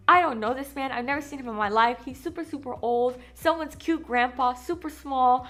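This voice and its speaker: A young American woman chatting casually to camera in a vlog, talkative and animated with lots of fillers. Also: sits high, normal speed. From United States. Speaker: vlogger.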